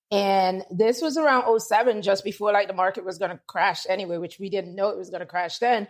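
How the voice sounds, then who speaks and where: Guest: Antiguan woman, 40s, accent softened toward American, animated storyteller, mid pitch. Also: a little fast. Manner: animated storyteller, quotes people in lively voices. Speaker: guest, lawyer and author. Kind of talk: casual podcast conversation.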